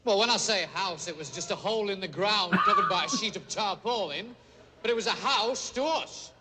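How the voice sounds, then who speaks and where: A man's voice: high voice, brisk, heavy background noise, close to an everyday voice. An actor playing a wealthy older Yorkshire man who brags about his poor childhood, laughing at his own stories in a Yorkshire accent. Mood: boastful.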